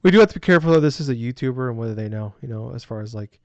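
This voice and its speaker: A man's voice: mid-range voice, expressive, rapid-fire, darkish tone, dry recording. A man co-hosting a podcast in casual chat, self-deprecating and swearing freely as he tells stories. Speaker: podcast co-host. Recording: dry, dull lo-fi podcast audio.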